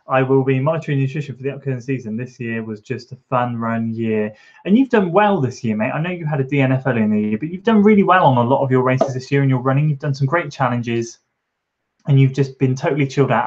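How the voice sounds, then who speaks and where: A man's voice: medium pitch, dull audio. A man chatting casually on a live stream from his home kitchen, reading out and answering chat comments, encouraging and rambling with fillers.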